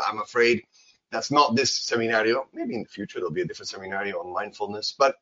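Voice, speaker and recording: A man teaching to Spanish speakers in a seminar talk, animated and emphatic, often checking in with "okay?" and "right?". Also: mid-range voice. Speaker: English teacher. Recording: dull lo-fi recording.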